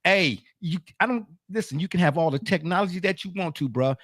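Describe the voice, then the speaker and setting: Animated bright-voiced sports talk man. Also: sits high, brisk, husky, dry recording, studio quality. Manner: emphatic, slangy, laughs often.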